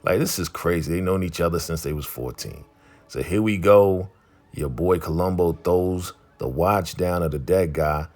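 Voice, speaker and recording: A man's voice: deep voice, moderate pace, darkish tone. A man vlogger giving a chatty, streetwise recap of a TV episode. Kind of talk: casual recap.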